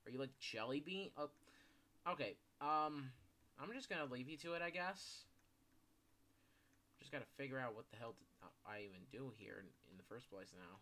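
A man's voice: medium pitch, lively intonation, normal speed, pushed and bright, a little hiss or hum. A young man commentating his gameplay, swearing a lot and breaking into panicky outbursts between mutters. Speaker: gaming YouTuber.

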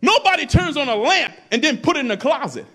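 A man preaching a sermon from the pulpit, his voice sitting high and leaping around in pitch. He repeats phrases for emphasis and pushes up into shouts as he builds. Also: big pitch swings, fast. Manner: preaching with rising shouts and repetition. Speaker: pastor.

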